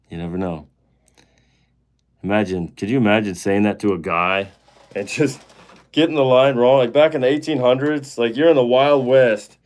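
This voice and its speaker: A man in his thirties hosting a casual live-stream chat, talking bluntly with plenty of swearing and excitable outbursts. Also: lowish voice, smooth. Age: 30s. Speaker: show host.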